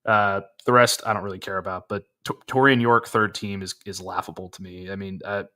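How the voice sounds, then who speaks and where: A man playing a sports talk co-host with a lowish, bright, forceful voice. He gives firm opinions in a casual way and often restarts his sentences. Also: fairly even intonation, fairly quick.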